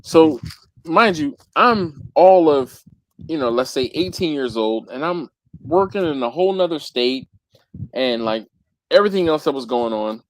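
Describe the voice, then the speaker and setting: A man's voice: on the high side, expressive, unhurried, no room sound, poor audio. A man from Philadelphia with a Philadelphia accent, telling stories in a casual chat on a live barbecue stream, laughing often and repeating himself.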